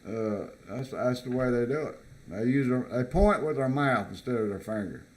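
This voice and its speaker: A man from the United States, vlogging in a casual, halting way, reading items from a list and commenting with repeated words and fillers. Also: mid-range voice, lively intonation, darkish tone.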